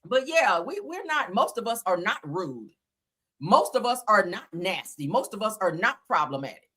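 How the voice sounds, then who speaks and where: A woman's voice: medium pitch, sing-song, normal speed, bright, forceful tone, slightly rough. A woman hosting a livestream, giving blunt, profane commentary and often laughing as she talks. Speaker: livestream host.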